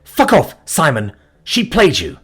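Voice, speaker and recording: A man's voice: mid-range voice, sing-song, normal speed, a bit bright, husky, faint music behind, pitched above the performer's own voice. A man voicing an angry, bitter young man who swears and sneers sarcastically. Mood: furious.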